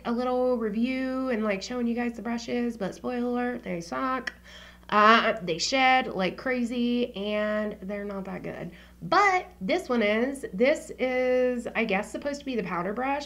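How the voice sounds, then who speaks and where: A woman's voice: on the high side, creaky, a bit bright. A woman vlogging about her favorite beauty products in a casual, slangy chat, swearing freely and dropping into whispers for asides.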